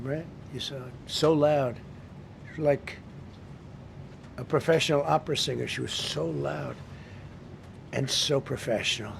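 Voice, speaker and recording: A man's voice: fairly high pitch, gravelly, slight background noise. A man speaking off the cuff at a press briefing, rambling, repetitive and emphatic.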